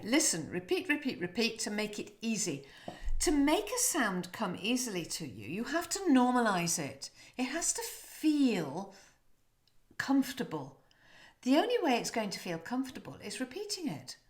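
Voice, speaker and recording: Slow, lively-voiced woman teaching French sounds. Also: a little high. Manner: encouraging, coaching the viewer to repeat. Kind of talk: pronunciation lesson to camera.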